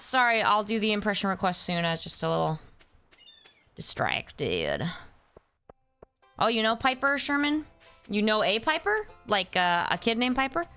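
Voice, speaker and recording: A young woman streams a game and chats casually with her viewers, getting distracted and answering them by name. She's playful, humming nonsense sounds as she plays, and her voice is on the high side, pushed and bright.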